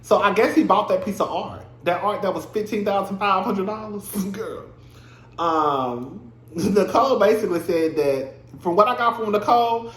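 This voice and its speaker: A fairly high-voiced man riffs through a reality TV recap, loud and emphatic one moment and quiet the next, and he swears freely. His voice bounces around an echoey room. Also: measured pace. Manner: animated, emphatic and profane, talking to viewers as "girl". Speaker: reality TV reviewer. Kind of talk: casual recap commentary.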